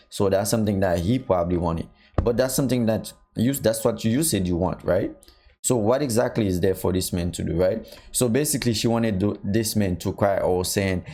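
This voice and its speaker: Gravelly low-voiced man reacting bluntly. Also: normal speed, darkish tone. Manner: blunt, incredulous, repeats himself. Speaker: reaction channel host. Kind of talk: casual reaction commentary.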